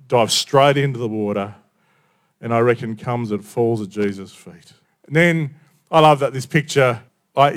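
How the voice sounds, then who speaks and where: A man preaching a sermon in a conversational storytelling way, often dropping quiet for emphasis. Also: medium pitch.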